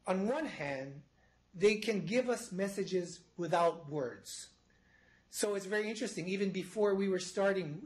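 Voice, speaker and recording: Man, lecturer, higher-pitched voice, explanatory, restarts phrases, live studio audience. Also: poor audio. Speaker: psychology professor. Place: university studio before an audience.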